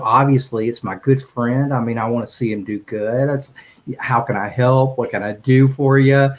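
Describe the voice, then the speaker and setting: A man's voice: mid-range voice, poor audio. Enthusiastic man telling a story. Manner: enthusiastic, rambling with restarts. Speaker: guest, music streaming executive. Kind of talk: casual storytelling on a video call. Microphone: video call.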